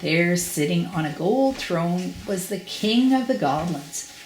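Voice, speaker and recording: An older woman reading a children's storybook aloud, expressive and emphatic. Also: lowish voice, takes it slowly, echoey room, a little hiss or hum, low-quality recording.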